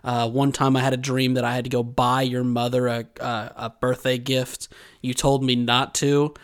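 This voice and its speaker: A man chats casually as a podcast co-host. He rambles through a long story and keeps breaking into laughter, his voice sitting at an ordinary middle pitch. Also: little pitch movement, normal speed. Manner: rambling, laughs often while telling stories. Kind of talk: casual chat, telling a dream story.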